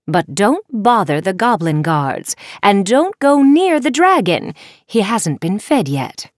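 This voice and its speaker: A woman's voice: medium pitch, very animated, slow, dry recording, clean studio sound. A woman voicing a gracious, commanding villainous fairy mother in a storybook. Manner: smooth, polite, commanding.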